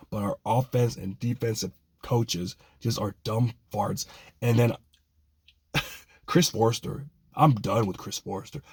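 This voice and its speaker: A young man with a husky, slightly rough voice delivers a profane, exasperated sports rant. He keeps apologizing for his anger but can't stop venting. The sound is dry and close. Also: fairly low pitch, darkish tone, dry recording. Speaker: fan channel host.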